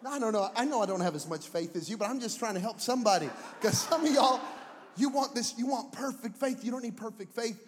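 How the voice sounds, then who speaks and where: A man preaching a sermon as a pastor, animated and joking, slipping in put-on voices. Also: very high-pitched, fairly quick, a little hiss or hum. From Mexican heritage. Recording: echoey hall with long reverb.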